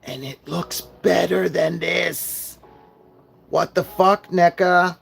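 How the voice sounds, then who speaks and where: A man's voice: high voice, fairly even intonation, slow pace, gravelly, fairly bright tone, faint music behind. A young man ranting casually as he unboxes and reviews collectible figures, swearing often and venting his frustration. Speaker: toy reviewer.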